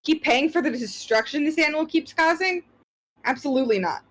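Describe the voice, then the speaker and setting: A fed-up, irritable stable hand, a man as a woman game master puts him on, snapping curtly at a troublesome animal. The voice stays fairly high. It is told in a tabletop game. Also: animated, brisk, a bit bright. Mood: irritated. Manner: snappish, swearing.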